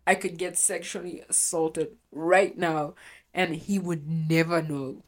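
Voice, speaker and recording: A young woman talks alone on her podcast, opening up in a confessional way. Her voice is low for a woman. She speaks bluntly and swears freely. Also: steady tone, takes it slowly. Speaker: podcast host.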